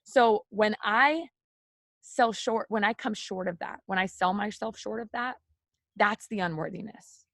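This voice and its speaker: Young woman leading a heartfelt faith talk, chatty and repetitive, middle pitch, dry recording. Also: a little slow, a bit bright, dry recording. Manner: candid, confiding, repeats phrases, frequent "like" and "right?". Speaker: faith video host. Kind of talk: personal devotional talk to viewers.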